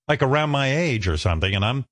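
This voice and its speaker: A man in his sixties from the New York area, a radio host telling stories in an animated, self-mocking, profane way. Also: medium pitch, fast talker, no echo. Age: 60s. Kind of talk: casual chat.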